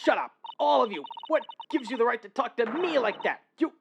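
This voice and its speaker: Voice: mid-range voice, animated, fairly quick, vocal fry, lo-fi sound, background noise. A streamer voicing a spoiled, whiny young woman witness in a courtroom video game, reading the dialogue aloud. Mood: whiny indignant. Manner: whiny, indignant, sing-song.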